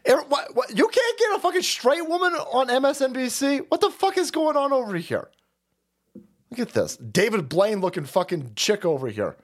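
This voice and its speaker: A man's voice: extremely high pitch, big pitch swings, moderate pace. A man hosting a stream with a crude, profane political rant, mocking and laughing at his own jokes and muttering asides. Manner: rambling, trails off and mutters asides. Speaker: streamer host.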